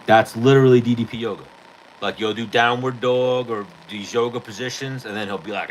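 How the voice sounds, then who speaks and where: A man's voice: mid-range voice, fairly even intonation, a little fast, slight background noise, poor audio. A man hosting a podcast, telling a story in casual, rambling chat full of swearing and "like". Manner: rambling, profane, heavy on "like". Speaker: podcast host.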